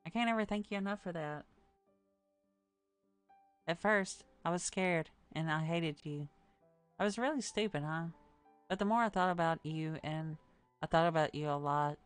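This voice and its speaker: A fervent, obsessive young woman, voiced by a woman streamer in a story game, speaking low and soft. Her voice sits a little lower than most women's. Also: smooth, no echo, lightly acted.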